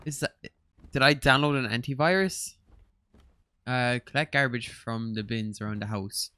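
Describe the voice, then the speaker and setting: A young man commenting as he plays a horror game, jumpy and swearing and yelling when startled. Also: medium pitch, normal speed, clean tone, no echo. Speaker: gaming streamer.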